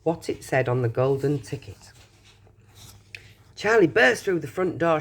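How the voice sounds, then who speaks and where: A woman reading a children's book aloud with expressive, dramatic storytelling. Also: low voice, a little slow. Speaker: reader.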